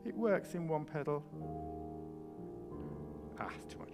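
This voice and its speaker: A man's voice: a little high, measured pace. Enthusiastic male piano teacher in a hall. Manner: expressive, enthusiastic coaching. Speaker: piano teacher leading a masterclass. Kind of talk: masterclass coaching. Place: concert hall stage. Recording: reverberant concert hall with piano. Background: piano playing.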